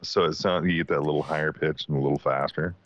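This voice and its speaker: A man's voice: a bass voice, fairly even intonation, quick pace, no room sound. A man co-hosting a casual podcast in a laid-back, chuckling way. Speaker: podcast co-host. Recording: dull lo-fi sound.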